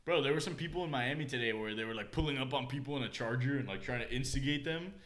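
A young man co-hosting a podcast in loose, profane casual chat, often breaking into laughter. His voice is bright and forceful with a middling pitch. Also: fast talker. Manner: crude, laughing, slangy. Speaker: podcast co-host.

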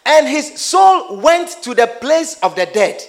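A man's voice: very high voice, very animated, slow. A man preaching a sermon, calling out to his congregation with questions and playful teasing.

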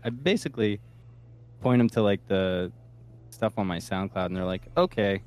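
A man talking casually as a guest, halting and full of fillers, often poking fun at himself. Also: on the low side, animated, darkish tone. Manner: halting, filler-heavy, self-deprecating. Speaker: musician guest. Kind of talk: casual chat.

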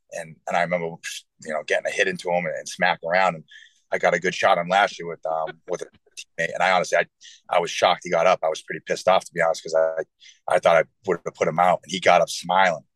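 A man's voice: sits low, flat delivery, fast talker, fairly bright tone, no room sound, low-quality recording. A man in his thirties, a professional football player, answering interview questions earnestly with lots of fillers. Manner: earnest, rambling with many fillers. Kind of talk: casual interview talk.

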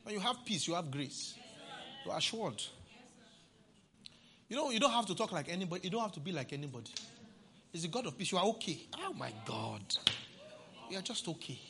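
A male pastor preaching a sermon, playful, often laughing and breaking into shouts. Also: high voice, sing-song, fairly quick, gravelly, long pauses.

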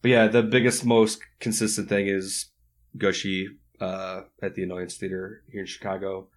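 A male improv comedian, guesting on a podcast, chats casually in a low, flat voice at a moderate pace. He's easygoing, jokey, and self-deprecating while plugging his shows.

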